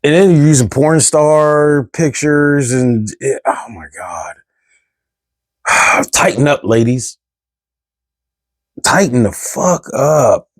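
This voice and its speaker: A man rants straight to his camera, profane and exasperated, hammering rhetorical questions. His voice sits at a middle pitch. The sound is dry and close, with no room echo. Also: lively intonation, slow pace, pauses often, a little mellow. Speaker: vlogger. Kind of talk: candid ranting monologue.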